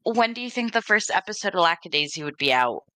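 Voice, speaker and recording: A woman with a sore throat and a husky voice, reading chat questions on a casual livestream. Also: fairly low pitch, sing-song, fast talker, pushed and bright, dry recording.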